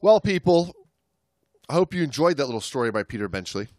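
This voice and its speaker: A man's voice: medium pitch, big pitch swings, brisk, a little mellow, no echo, studio quality. A man co-hosting a podcast, chatting loosely with lots of fillers. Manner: loose, filler-heavy banter. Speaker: podcast co-host. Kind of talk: casual chat.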